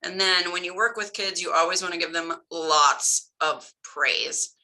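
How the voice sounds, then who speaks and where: A woman's voice: lowish voice, a little slow, sharp tone, slight background noise, rough recording. A woman explaining phonics patiently, step by step, with examples for tutors. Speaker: tutor trainer. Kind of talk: instructional talk.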